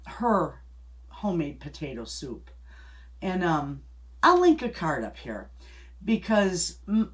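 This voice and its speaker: Speaking low-pitched, a middle-aged woman running a homestead channel spins a casual, rambling yarn. Her folksy delivery includes restarts and small chuckles.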